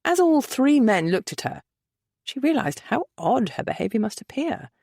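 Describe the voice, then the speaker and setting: A woman reading a novel aloud with expressive, varied narration. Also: fairly high pitch, normal speed, vocal fry, dry recording, studio quality. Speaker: audiobook narrator. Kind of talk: scripted narration.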